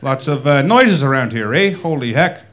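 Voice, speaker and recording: A Canadian man doing a stand-up comedy set in a club, folksy and deadpan, tagging his lines with "eh?". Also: medium pitch, moderate pace. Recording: live club set with audience laughter. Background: crowd laughter.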